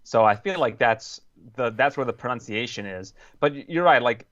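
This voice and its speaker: A man appearing as a podcast guest, chatting in an easygoing, measured way. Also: medium pitch, lively intonation, fairly bright tone, no echo, muffled recording. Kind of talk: casual podcast chat.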